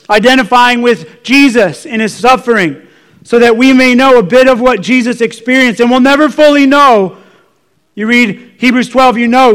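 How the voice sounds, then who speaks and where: A man's voice: extremely high pitch, a bit bright, smooth. A male pastor preaching a sermon in an earnest, repetitive way, sometimes dropping to a near-whisper.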